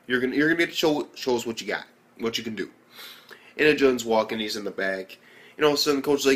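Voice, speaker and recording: A man's voice: mid-range voice, expressive, rapid-fire, a bit bright. A young man casually reviewing an anime episode, rambling loosely with lots of fillers and swearing.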